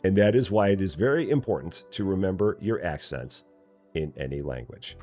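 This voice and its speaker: A man's voice: moderate pace, soft background music. A man chatting casually and joking as he live streams a store simulator game, rambling and laughing. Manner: jokey, rambling, laughs often, lively swings in pitch.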